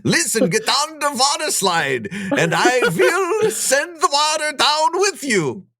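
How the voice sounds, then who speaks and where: A man's voice: very high-pitched, big pitch swings, slow pace, noisy background, voice pushed up, full character voice. A man voicing a waterslide lifeguard in a clumsy mock Swedish accent, sing-song and laughing. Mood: playful.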